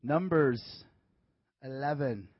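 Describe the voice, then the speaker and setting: A man's voice: medium pitch, slow pace, husky, no echo, lo-fi sound. A man preaching a casual, joking sermon to young adults, acting out voices and slipping in asides. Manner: animated, acts out voices, jokey asides. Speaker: youth pastor.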